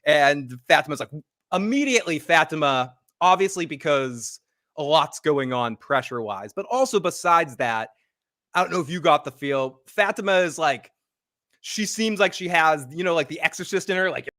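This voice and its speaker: Male co-host, rambling casual recap, slightly high voice, dry close sound, a bit breathless. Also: expressive, normal speed, bright, forceful tone, dry recording. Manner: rambling, acts out character quotes. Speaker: co-host giving episode recap.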